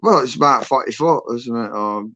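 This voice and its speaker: A man's voice: mid-range voice, lively intonation, brisk, bright, forceful tone, no room sound, rough recording. A man chatting on a livestream as a guest, rambling with fillers and self-corrections. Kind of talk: casual chat.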